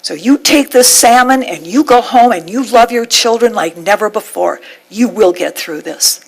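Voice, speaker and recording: A woman's voice: medium pitch, lively intonation, moderate pace, vocal fry, husky, rough recording. A woman voicing a kindly white-haired male fishmonger who speaks in an earnest, fatherly, reassuring way. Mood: tender, firm.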